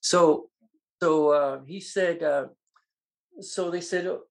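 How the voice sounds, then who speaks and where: An older man, a guest in an interview, telling animated stories and acting out the voices of people in them. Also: fairly high pitch, slow pace, gravelly, slight background noise. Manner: animated, acts out quoted voices. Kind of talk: storytelling in an interview.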